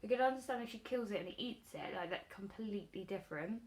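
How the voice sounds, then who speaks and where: A woman beauty vlogger with a mid-range voice talks fast and casually while doing her makeup. She tells an animated story packed with fillers.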